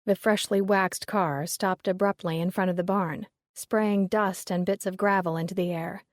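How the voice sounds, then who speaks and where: A woman's voice: medium pitch, fairly even intonation, moderate pace, no room sound. Woman narrating an audiobook, dry sound.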